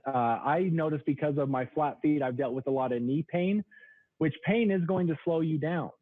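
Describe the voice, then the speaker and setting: A sales trainer in his thirties, appearing as a guest on a radio show, explains products at a moderate pace in an explanatory, product-pitch style. His voice comes through a tinny, dry phone line with no room sound.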